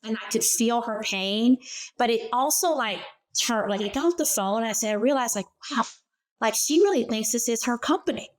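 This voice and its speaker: A middle-aged woman speaking as a guest in an interview, telling lively personal stories from her working life. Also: a little high, normal speed. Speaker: guest, former startup CEO. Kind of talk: conversational interview.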